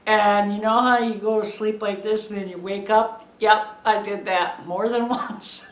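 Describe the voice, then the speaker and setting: A woman's voice: mid-range voice, steady tone, measured pace. A middle-aged woman chatting to camera in a meandering, gushing way from a room at home. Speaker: homesteading vlogger. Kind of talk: casual chat to camera. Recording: echoey room.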